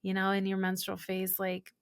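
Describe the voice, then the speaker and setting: A young woman speaks as a guest on a podcast, quick and candid. Her voice sits at a middling pitch, and she livens up her talk by acting out what she says to others. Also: smooth. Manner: animated, quick and candid, acting out quoted remarks. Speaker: guest, holistic business coach. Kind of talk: casual podcast conversation.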